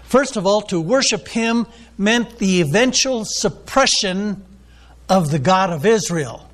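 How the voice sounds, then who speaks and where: A man preaching a sermon, teaching in a loose, rambling way with many ums and restarts. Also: high voice.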